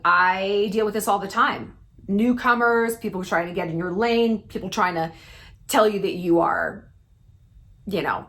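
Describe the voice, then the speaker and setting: A woman in her thirties giving blunt advice straight to her viewers, emphatic and salty-mouthed, with big swings in pitch. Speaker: YouTube commentator. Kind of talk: direct-to-camera advice talk.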